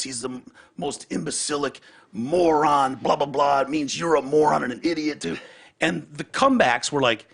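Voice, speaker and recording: A man's voice: fairly high pitch, moderate pace, vocal fry, fairly bright tone, husky. A man hosting a podcast in casual chat, ranting heatedly and profanely and acting out other people's words. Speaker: podcast host.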